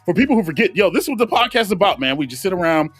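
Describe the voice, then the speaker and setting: A man hosting a casual podcast, talking in an excitable, slangy way. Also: high-pitched, racing, dry recording, soft background music. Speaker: podcast host.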